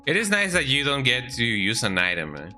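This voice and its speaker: Bright-voiced man chatting over gameplay. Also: medium pitch, a little fast, faint music behind. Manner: chatty, lively, tags sentences with "eh?". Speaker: streamer. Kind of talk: casual gameplay commentary. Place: home, with a cat on his lap.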